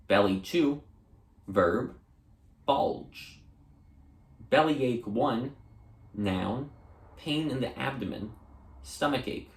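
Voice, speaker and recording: A man reads dictionary entries one after another at an unhurried, deliberate pace. His voice sits in a middle register and carries a roomy echo around it. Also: medium pitch. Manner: measured, deliberate, with occasional restarts. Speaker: audiobook reader. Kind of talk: reading dictionary entries aloud.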